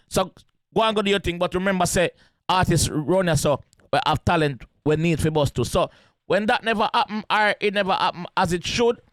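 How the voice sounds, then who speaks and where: High-voiced Jamaican man reacting to music. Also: no room sound. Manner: animated, emphatic, repeats phrases, patois slang. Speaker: reaction video host. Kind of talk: casual song reaction commentary.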